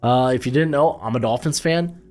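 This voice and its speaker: A man's voice: medium pitch, a little fast, darkish tone, faint music behind. A man giving casual football commentary as host, loose and rambling with lots of fillers and restarts.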